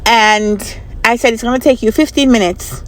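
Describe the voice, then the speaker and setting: A woman's voice: on the high side, normal speed. A woman vlogger telling a personal story in a casual, chatty way, often repeating herself and asking the viewer what they think. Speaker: vlogger and business analyst trainer.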